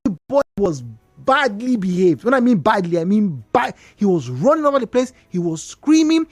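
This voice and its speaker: A woman's voice: medium pitch, normal speed, dry recording, faint music behind. A Nigerian woman hosting a radio call-in talk show, telling stories with emphatic repetitions. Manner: animated storyteller, emphatic repetitions. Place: radio studio. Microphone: studio microphone.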